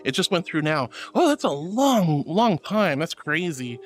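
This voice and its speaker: A man's voice: a little high, big pitch swings, unhurried, soft background music. A young man streaming, reading chat messages aloud in an affectionate, theatrical way, calling viewers honey and sweetie.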